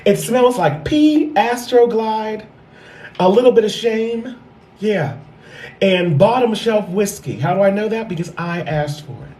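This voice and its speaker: Sassy high-voiced man in an echoey room. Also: lively intonation, a little slow, a little mellow. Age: 30s. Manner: sassy, profane, repeats punchlines. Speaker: stand-up comedian. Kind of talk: stand-up storytelling.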